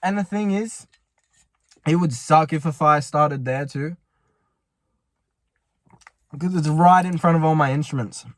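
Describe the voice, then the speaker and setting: A man's voice: on the high side, a little slow, long pauses, no room sound. A young man, rambling and panicky as he tells a story to camera from a parked car. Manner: panicky, rambling, swears a lot. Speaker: vlogger. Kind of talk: casual vlog storytelling.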